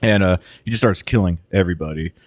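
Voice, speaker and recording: A man's voice: low voice, fast talker, dry recording. A man casually retelling a movie on a podcast, rambling, swearing often and acting out the characters' lines. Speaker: podcast host.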